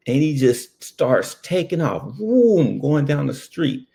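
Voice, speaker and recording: A man's voice: fairly high pitch, unhurried, vocal fry. A man and former ambulance worker telling a personal story in a casual way, full of fillers and asides. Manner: animated, lots of fillers.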